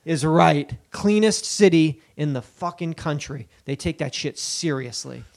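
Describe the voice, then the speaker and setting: An animated male podcast host talking in a casual, profane, joking way. His voice sits a little higher than most men's. He keeps riffing and tossing out bits. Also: unhurried, creaky, dry recording, studio quality. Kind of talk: casual comedic banter.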